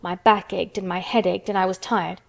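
A woman's voice: mid-range voice, steady tone, normal speed, gravelly, lightly acted. A woman voicing a sickly, spoiled boy who complains in a whiny, petulant way in a storybook reading. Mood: sulky.

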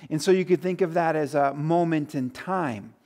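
A man's voice: a little high, normal speed, darkish tone. A male pastor preaching a sermon in a conversational way, full of fillers and restarts, chuckling now and then. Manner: conversational, many fillers and restarts, chuckles at his own stories.

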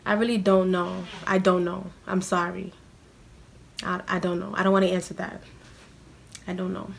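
A woman's voice: fairly low pitch, level tone, normal speed, gravelly, slight background noise. A young woman, chatting in a casual question-and-answer vlog. She is self-mocking and scatters "like" through her talk. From New York City. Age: young adult. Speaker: vlogger.

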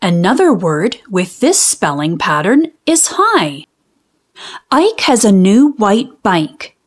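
A woman reading a children's book aloud and explaining phonics in a clear, teacherly way. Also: mid-range voice, big pitch swings, slow. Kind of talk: read-aloud storytime with phonics lessons.

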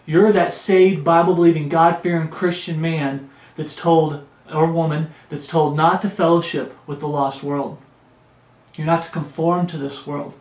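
A male pastor in full sermon mode, reading scripture aloud and driving his points home with emphasis. He slows down to lean on key phrases, in a fairly high voice. The sound rings in an echoey room.

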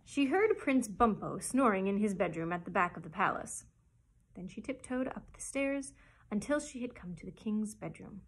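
Husky-voiced woman reading aloud. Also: mid-range voice, lively intonation, normal speed, rough recording. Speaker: children's librarian. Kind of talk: reading a chapter book aloud.

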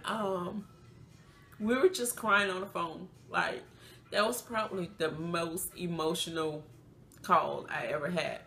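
A woman's voice: fairly low pitch, unhurried. A woman, retelling a hospital story in a casual, emotional way with many fillers. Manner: emotional, animated retelling with acted quotes; loose, chatty, many fillers. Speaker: vlogger.

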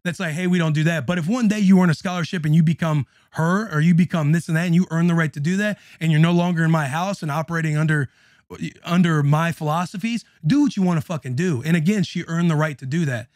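Young male podcast host, profane and animated, slightly high voice, dry close mic. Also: fast, no echo. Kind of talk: casual chat.

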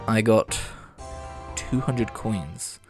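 A man's voice: fairly low pitch, drawn-out words, darkish tone, faint music behind. A man giving casual, wry commentary over a game playthrough, often swearing and joking. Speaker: gaming video creator.

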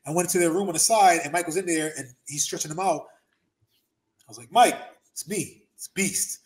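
A man in his thirties, a former pro wrestler, telling profane, lively stories as an interview guest. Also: fairly high pitch, fast. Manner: animated storyteller, profane, acts out quotes. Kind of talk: casual storytelling interview.

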